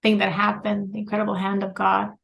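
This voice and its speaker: A woman teaching a religious class, telling a story in a lively way and laughing between phrases. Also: medium pitch, brisk, gravelly, dull audio. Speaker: teacher of a women's Torah class.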